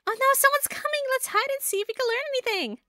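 A woman's voice: very high voice, lively intonation, quick pace, sharp tone, no echo, clean studio sound, soft background music, pitched above the performer's own voice, full character voice. A woman voicing an anxious, chatty young cloud boy from a game. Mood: worried. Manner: worried and urgent. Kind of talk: reading game dialogue aloud.

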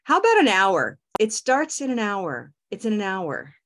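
A woman teaching English pronunciation on a video call, modeling words slowly and repeating them. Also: medium pitch, wildly swooping pitch, a bit bright. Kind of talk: online pronunciation lesson.

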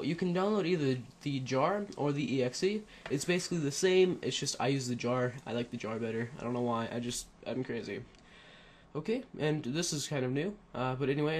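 A man's voice: mid-range voice, slight background noise. Rambling man narrating a screen tutorial. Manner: rambling, many fillers and self-corrections. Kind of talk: casual screen-recorded tutorial. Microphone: headset.

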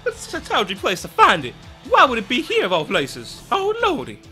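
A prim, gushing female wind spirit from a video game, put on by a man reading her lines. She speaks high and bright, with genteel old-fashioned exclamations and a swooning, dramatic lilt. Faint game music plays underneath. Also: wildly swooping pitch, moderate pace, heavily acted. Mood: fretting. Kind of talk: let's play character reading.

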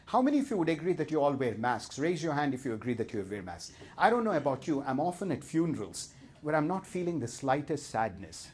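A man's voice: a little high, darkish tone, husky. A middle-aged man with an Indian accent leading a live seminar, self-mocking and playful as he talks straight to the audience. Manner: playful, self-mocking, addresses the crowd directly. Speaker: seminar leader.

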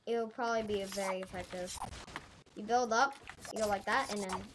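A woman's voice: mid-range voice, fairly even intonation, normal speed. A woman hosting a casual gameplay tutorial, thinking aloud, rambling and correcting herself as she goes. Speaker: gaming channel host. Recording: noisy with keyboard clicks.

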